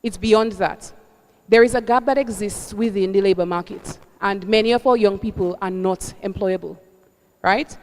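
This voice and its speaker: A woman's voice: medium pitch, normal speed, darkish tone, in a large hall. A woman, a candidate earnestly answering a question at a public forum, checking in with "right?". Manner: earnest, uses tag questions. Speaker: election candidate. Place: public meeting hall.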